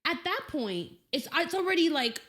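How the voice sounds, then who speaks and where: A woman's voice: very high-pitched, very animated, moderate pace, a bit bright. A woman appearing as a guest on her boyfriend's podcast, talking frankly, with an exasperated edge and free swearing. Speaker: podcast guest, host's girlfriend. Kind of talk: casual chat.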